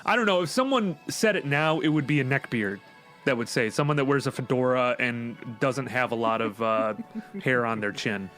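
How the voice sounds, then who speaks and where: A man's voice: medium pitch, animated, moderate pace, fairly bright tone, soft background music. A man co-hosting a podcast, talking in a casual, profane, rambling way and laughing often. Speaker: podcast co-host. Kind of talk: casual chat.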